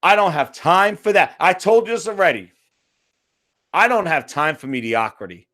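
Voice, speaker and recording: In a ranting monologue about a video game, a gaming commentator from the United States sounds profane, sarcastic and exasperated. His high voice is expressive with a sharp tone, at a moderate pace.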